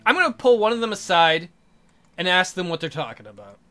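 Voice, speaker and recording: High, lively-voiced casual let's play man. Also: a little fast. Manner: casual, swearing, stumbles over words. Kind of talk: reading a text game aloud with commentary.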